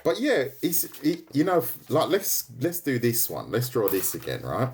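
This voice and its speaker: A man's voice: medium pitch, wildly swooping pitch, normal speed. A man leading a live drawing tutorial, chatting casually with his viewers and often checking in with "right?" and "mate". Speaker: art tutor streaming live.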